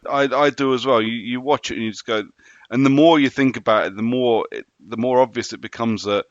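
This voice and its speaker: A man co-hosting a casual podcast chat, agreeable and wry, quick to laugh. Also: medium pitch, no room sound. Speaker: podcast co-host. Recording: dull, dry lo-fi audio.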